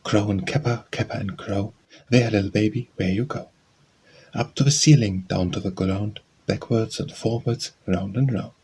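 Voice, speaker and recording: Husky low-voiced male rhyme reader. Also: fairly even intonation, a little mellow. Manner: measured sing-song recitation, announcing each title and author. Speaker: audiobook narrator. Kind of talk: reading nursery rhymes aloud.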